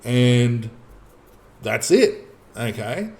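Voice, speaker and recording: A man's voice: medium pitch, very slow, vocal fry. Profane man telling a story. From Australia. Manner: profane, animated, acts out dialogue in his telling. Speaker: podcast guest telling a personal story. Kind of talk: casual spoken storytelling.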